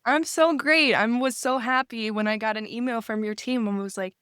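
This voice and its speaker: A woman's voice: on the high side, normal speed, a bit bright, smooth, dry recording, clean studio sound. A young adult woman hosting a podcast interview, chatty and enthusiastic. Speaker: podcast host.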